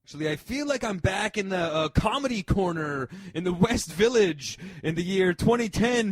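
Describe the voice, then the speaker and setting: A man in his thirties from New Jersey, co-hosting a casual podcast chat, excitable and swearing freely with lots of fillers. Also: high voice, normal speed, few pauses, soft background music. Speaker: podcast co-host.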